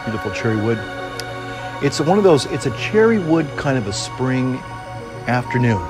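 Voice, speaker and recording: An older man chatting casually to his viewers, unhurried, humming contentedly between phrases. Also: mid-range voice, sing-song, music in the background. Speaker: pipe-smoking vlogger. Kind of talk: relaxed casual chat to viewers. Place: outdoors on a veranda deck.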